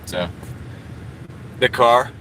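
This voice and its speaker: A man's voice: medium pitch, extremely slow, background noise. A man livestreaming from inside a parked car, chatting casually with his viewers and rambling with lots of fillers. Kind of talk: casual live stream chat reading comments.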